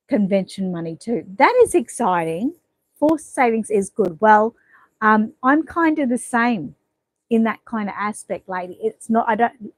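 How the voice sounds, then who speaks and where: A woman's voice: medium pitch, no room sound, poor audio. Chatty Australian woman live-streaming. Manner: chatty, rambling, teasing bossy with viewers. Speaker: livestream host. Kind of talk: casual live-stream chat reading comments.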